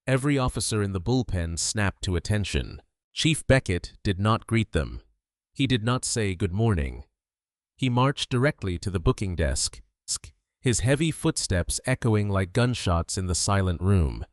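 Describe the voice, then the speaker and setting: A man reading a dramatic story as a narrator, in a measured storytelling manner. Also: on the low side, animated, no echo, studio quality.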